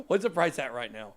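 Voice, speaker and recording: A man in his thirties hosting a casual crypto show, rambling through price charts with joking, self-deprecating asides. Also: medium pitch. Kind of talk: casual chat over live price charts.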